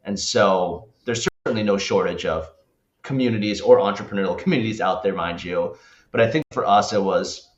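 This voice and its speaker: Low-pitched and fairly quick, this man chats as a podcast guest, wandering off-topic and peppering his casual interview answers with restarts and tag questions. The recording comes across echoey and dull, with a lo-fi quality.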